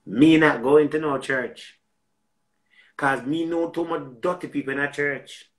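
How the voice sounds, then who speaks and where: A man with a Jamaican accent telling a story in a casual, animated way, repeating words and swearing freely. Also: a little high, a little slow, echoey room.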